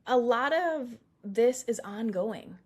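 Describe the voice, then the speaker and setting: A middle-aged woman performance coach chatting as an interview guest, animated, laughing often and acting out the lines she quotes. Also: fairly high pitch, slow pace. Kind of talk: casual interview chat.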